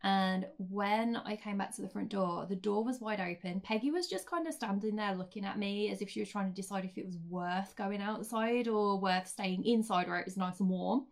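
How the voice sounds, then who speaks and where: A woman's voice: medium pitch, moderate pace, few pauses. A woman on a podcast panel, telling stories in a chatty, casual way and laughing as she goes. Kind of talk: casual storytelling chat.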